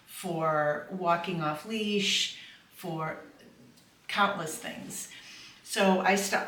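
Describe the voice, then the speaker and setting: A middle-aged woman dog trainer explaining puppy training in a calm, affirming voice. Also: fairly low pitch. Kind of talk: instructional voice-over. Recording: echoey room, from far off, faint noise.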